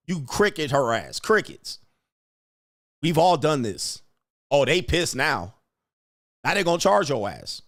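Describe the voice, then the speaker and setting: A man's voice: on the high side, big pitch swings, moderate pace. Brash, profane male stream host. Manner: frequent laughter. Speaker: livestream show host. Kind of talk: casual livestream commentary.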